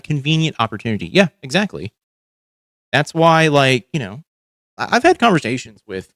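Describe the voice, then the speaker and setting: A man's voice: fairly low pitch, dry recording, studio quality. Profane, rambling man hosting a livestream. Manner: profane, rambling with many fillers and restarts. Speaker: livestream host. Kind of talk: casual political chat.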